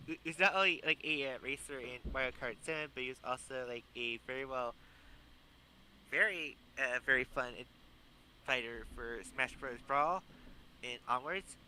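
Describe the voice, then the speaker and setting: A man co-hosting a casual podcast chat, rambling and excitable, swearing casually. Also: mid-range voice, moderate pace, a little hiss or hum. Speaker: podcast co-host.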